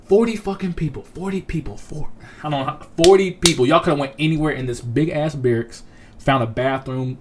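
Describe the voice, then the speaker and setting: A young man telling a profane, animated story on a casual livestream, acting out other people's lines. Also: on the high side, fairly quick, a little hiss or hum.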